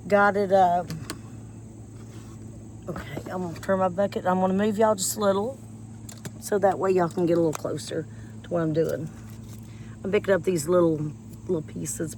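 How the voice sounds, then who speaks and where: A woman's voice: on the low side, dark tone, slight background noise. A woman chatting casually with her viewers while pulling weeds outdoors, rambling and folksy, with a slight cough from a chest infection. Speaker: vlogger. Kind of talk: casual chat while doing yard work. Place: outdoors in a yard by a porch.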